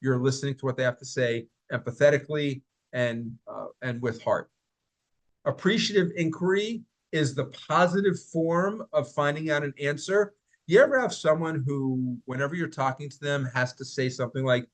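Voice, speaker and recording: A man's voice: medium pitch, moderate pace. A man presenting a workplace training workshop in a conversational way, often asking his listeners questions. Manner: conversational, asks the audience questions. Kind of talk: recorded training talk.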